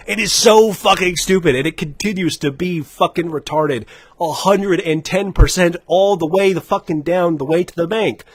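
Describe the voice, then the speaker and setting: A man's voice: high-pitched, normal speed, no room sound. A man co-hosting a gaming livestream, ranting in a heated, profane way. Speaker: gaming podcast co-host. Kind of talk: casual livestream chat.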